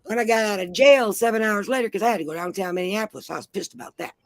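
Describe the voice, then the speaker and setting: A woman's voice: mid-range voice, quick pace, no room sound. A woman in her forties telling brash, profane stories in a casual chat. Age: 40s. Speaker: panel host.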